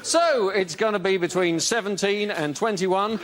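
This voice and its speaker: A man's voice: high voice, moderate pace. A male comedy panellist delivering dry one-liners in a mock-announcer manner. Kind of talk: quick one-liner jokes. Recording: noisy.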